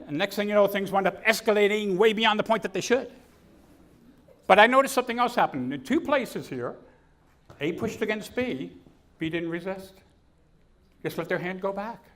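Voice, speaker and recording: A man delivers a humorous keynote at a conference, his voice sitting a little on the high side. He tells stories with energy and slips into the voices of the people he quotes. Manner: storytelling, animated, acts out quotes. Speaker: keynote speaker. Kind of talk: comedic keynote speech. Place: conference stage.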